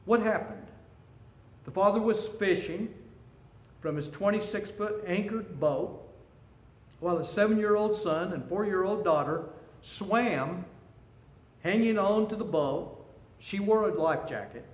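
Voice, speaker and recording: Animated man in his 60s telling stories. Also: high-pitched, measured pace, long pauses. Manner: animated storytelling with jokes. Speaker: seminar speaker. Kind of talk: storytelling talk. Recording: echoey room, faint noise.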